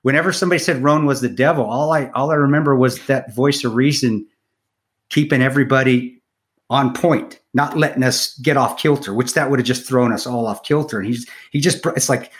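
A man's voice: mid-range voice, fairly quick. A middle-aged man telling a war story in a blunt, profane, casual way, often restarting his sentences.

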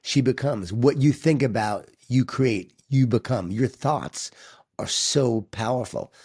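A man's voice: medium pitch, a little slow, a little mellow, husky. Man, guest speaker, emphatic, conversational storytelling.

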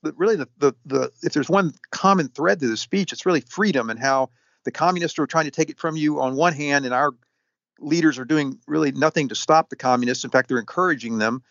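A man answering interview questions at length, halting often with fillers and restarts. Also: a little high, creaky, a bit bright, dry recording. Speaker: historian guest. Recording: dull, lo-fi sound.

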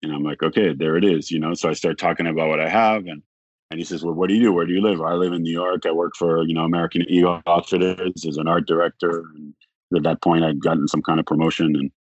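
A man talking as a podcast guest, telling a long story in a rambling way, acting out the other people's lines and filling pauses with "like". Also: low voice, steady tone, no room sound, lo-fi sound. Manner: rambling, acts out quoted dialogue, frequent "like". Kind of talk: casual storytelling.

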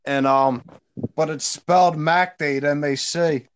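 A man's voice: on the high side, fairly even intonation, unhurried, a little hiss or hum. Easygoing Philadelphia man as podcast guest. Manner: easygoing, hesitant, with frequent fillers. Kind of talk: casual chat.

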